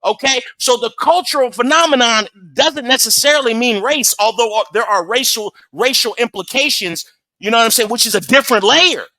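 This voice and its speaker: A man's voice: very high voice, a little fast, pushed and bright, dry recording. A man hosting a reaction video, talking emphatically and preachily as he comments on footage. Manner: emphatic, preachy, keeps saying "come on".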